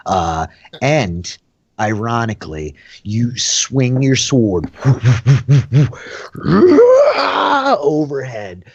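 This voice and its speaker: A man's voice: mid-range voice, huge pitch swings, very slow, vocal fry, breathy edge, dry recording, muffled recording. A man narrating a tabletop game as dungeon master, telling the scene loosely with plenty of fillers. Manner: loose, filler-heavy storytelling.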